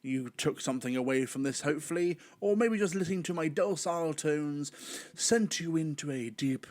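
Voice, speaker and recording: A man's voice: on the high side, normal speed, a little mellow, no echo. A young British man hosting his own podcast, rambling in a chatty way with sudden theatrical outbursts. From Britain. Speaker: podcast host. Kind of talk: solo podcast chat.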